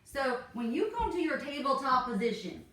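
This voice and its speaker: A woman's voice: high voice, big pitch swings, moderate pace, fairly bright tone. A woman leading a joking yoga class in a goofy, laid-back way. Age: 40s. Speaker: yoga instructor. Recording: echoey room, mic far off.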